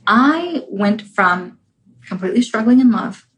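A woman speaking as a relationship coach, chatty and direct, often checking in with "right?" and "okay?". Her voice sits at an ordinary middle pitch. A faint noise hums under the recording. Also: expressive, a little slow, poor audio. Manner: acts out inner voices in quoted asides. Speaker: relationship coach and podcast host. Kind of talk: casual coaching monologue.

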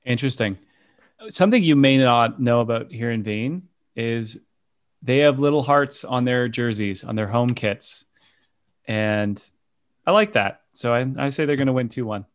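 A man hosts a relaxed football chat, running through the fixtures one by one. He jokes as he goes and asks the others for their picks. His voice sits at an ordinary middle pitch. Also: normal speed. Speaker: podcast host. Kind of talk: casual sports chat.

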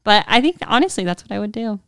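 A woman's voice: medium pitch, animated, quick pace. A young woman co-hosting a casual podcast, giggly and rambling with lots of "like". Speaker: podcast co-host. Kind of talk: casual chat.

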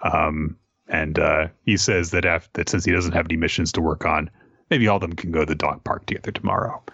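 A man's voice: deep voice, fairly even intonation, fairly quick, creaky, fairly bright tone, no room sound. A man co-hosting a podcast, recapping a comic in a joking, casual way, on a dull lo-fi recording. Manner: joking, with frequent laughs. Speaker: podcast co-host.

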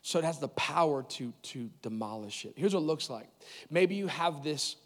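A man preaching a sermon at a church service, animated, with loud emphatic peaks and quick asides. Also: on the high side. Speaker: pastor. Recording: long reverb of a large hall.

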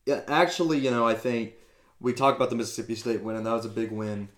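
A man hosting a casual sports podcast, talking loosely with quick asides and casual swearing. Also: medium pitch, fairly even intonation, fairly bright tone. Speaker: podcast host.

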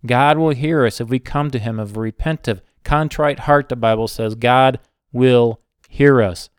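Man preaching with slow, emphatic repetition. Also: medium pitch, clear, resonant tone, dry recording, clean studio sound. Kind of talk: sermon.

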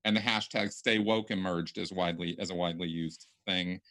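Bright-sounding podcast host guy, casual chat, keeps restarting, pushy emphasis. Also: low voice, steady tone, a little fast.

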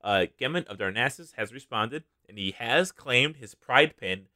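A man's voice: medium pitch, expressive, normal speed, pushed and bright. A man hosting a casual podcast, joking around and wrapping up the episode. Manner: joking, self-mocking sign-off. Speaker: podcast host.

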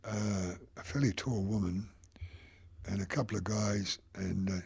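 A man's voice: fairly low pitch, fairly even intonation, measured pace, vocal fry, a little mellow, slightly rough, no echo. An older man, telling a rambling anecdote in an interview and acting out the voices of people he quotes. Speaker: photographer. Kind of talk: anecdotal storytelling.

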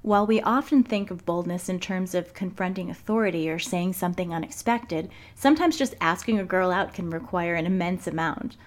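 A woman hosting a podcast, reading a prepared script in a measured, clear voice. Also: lowish voice. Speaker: podcast host.

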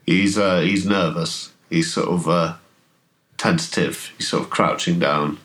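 A man running a tabletop horror game as game master, telling the scene in a relaxed, hesitant way with many fillers. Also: sits low, unhurried. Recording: podcast audio.

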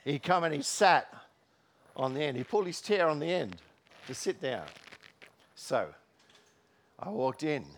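A middle-aged man preaching a sermon in a church, telling personal stories with many fillers and restarts. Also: medium pitch. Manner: storytelling, with frequent fillers and restarts.

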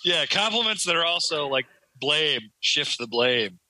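A man's voice: fairly high pitch, expressive, a little slow, pushed and bright, no echo. A man in casual banter, crude and teasing, laughing often and sprinkling in fillers.

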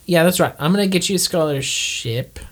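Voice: mid-range voice, fairly quick. A tabletop game player joking in a dry, exasperated way.

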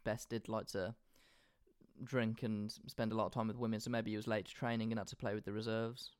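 A male podcast co-host who mostly chimes in with short agreeing remarks. He speaks in an even, flat tone with a smooth, clear voice. The sound is dry. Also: fairly low pitch, brisk, no echo. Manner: brief agreeing interjections, flat delivery. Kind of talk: casual chat.

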